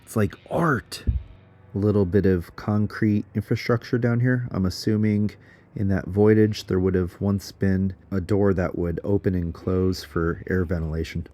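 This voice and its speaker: Low-pitched man, mellow tone, casual storytelling, animated and giggly. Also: moderate pace. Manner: animated, giggly, chatty with many fillers. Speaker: underground explorer.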